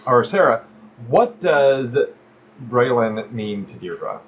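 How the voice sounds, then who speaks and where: A man's voice: mid-range voice, animated, slow pace, husky, lo-fi sound. A man running a tabletop actual play as game master, upbeat and joking, rambling with fillers.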